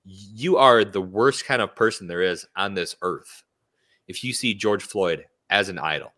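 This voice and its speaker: A man's voice: low voice, unhurried, bright, forceful tone. A man co-hosting a political talk show, ranting with indignant sarcasm.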